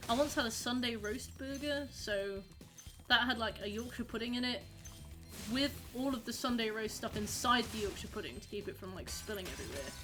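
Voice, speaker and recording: This streamer, a young woman, talks fairly quickly over music in a fairly high, expressive voice. She chats easily with her audience during a game, rambling and replying to messages.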